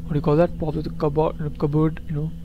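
A man's voice: on the high side, flat delivery, fast talker, lo-fi sound, noisy background. Jittery man nervously narrating a horror game. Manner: jittery, repeats himself, talks to viewers. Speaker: gameplay commentator.

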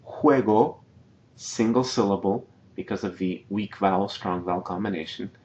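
A man teaching a slide-based video lesson, patiently explaining and repeating each example word slowly. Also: sits low, steady tone, a little mellow, dull audio. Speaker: Spanish teacher.

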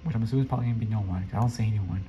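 A man commenting casually on his gameplay, excitable and flustered, often talking to the other players. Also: fairly low pitch, rapid-fire, lo-fi sound. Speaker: gameplay streamer. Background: faint game music.

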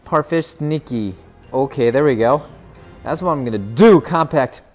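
A young man streaming a shooter game live, chattering excitably and teasing his chat. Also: moderate pace, faint music behind. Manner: excitable, yelps in sudden high bursts.

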